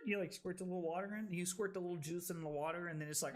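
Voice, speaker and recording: A man streaming a card game, tipsy and rowdy, swearing, laughing and shouting with excitement. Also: high voice, very fast. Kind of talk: rowdy drunk livestream chat.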